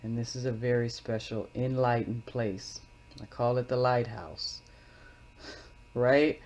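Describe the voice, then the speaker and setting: A man's voice: mid-range voice, fairly even intonation, takes it slowly, a little mellow. A man in his living room, giving rambling, earnest commentary between readings of scripture as the host of his own channel. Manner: earnest, rambling, repeats words while explaining. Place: living room with wooden walls.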